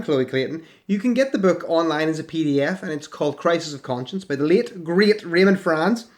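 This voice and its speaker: A man in his forties with a high-pitched voice reads out hostile online comments and fires back with sarcasm. His delivery is mocking and casual, the talk of a video host. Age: 40s. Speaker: YouTube host. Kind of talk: reading and answering hostile comments.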